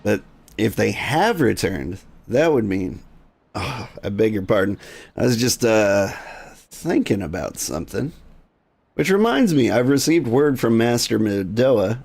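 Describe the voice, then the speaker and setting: A man voicing a formal, easily alarmed gentleman whose voice jumps high when startled. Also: sing-song, measured pace, creaky, slightly rough, exaggerated voice. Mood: flustered.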